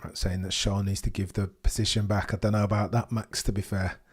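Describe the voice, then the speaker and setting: A young man hosting a live race watchalong, commentating casually and reacting with excitement. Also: fairly low pitch, brisk, slightly rough. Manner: excitable, exclaims and gasps at on-track action.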